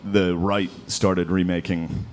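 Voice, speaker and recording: A man's voice: low-pitched, flat delivery, slow, darkish tone. A man performing a stand-up comedy set, talking loosely and conversationally and laughing at his own jokes. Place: comedy stage with a live audience.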